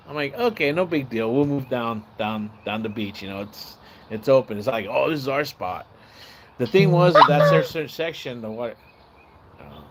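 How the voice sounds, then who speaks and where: A man's voice: medium pitch, a little hiss or hum. Rambling, profane man telling stories live. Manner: rambling and profane, acts out shouts and voices in his stories. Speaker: live streamer. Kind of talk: casual storytelling on a live stream.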